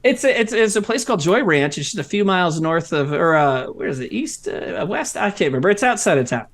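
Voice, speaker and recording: A man's voice: sits high, brisk. A man co-hosting a casual live stream, telling stories with lots of swearing. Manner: animated storytelling with lots of swearing. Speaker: co-host of a live-streamed comedy show. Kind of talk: casual chat.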